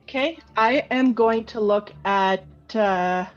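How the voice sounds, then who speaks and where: A woman playing a tabletop game, slow and giggly in her banter. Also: medium pitch, soft background music. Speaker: player. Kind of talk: casual tabletop play. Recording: slightly dull lo-fi sound.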